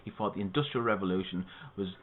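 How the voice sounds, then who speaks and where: A man tutoring students through a poem, explaining it in a steady, methodical way. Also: lowish voice, quick pace, a little hiss or hum. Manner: steady, methodical teaching with spoken asides. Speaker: English literature tutor. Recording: tinny phone-like audio.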